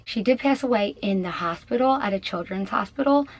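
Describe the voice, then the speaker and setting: A woman's voice: medium pitch, a little fast, few pauses, poor audio. A young adult woman telling a personal story to her channel in a casual way, with many fillers and a slightly shaky manner. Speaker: vlogger.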